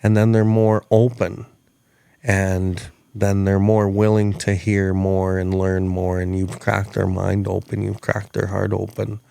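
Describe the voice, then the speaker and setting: Gravelly man, earnest host. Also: low voice, flat delivery, a little slow, mellow, no echo. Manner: earnest, repeats words as he restarts. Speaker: podcast host. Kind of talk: reflective storytelling chat.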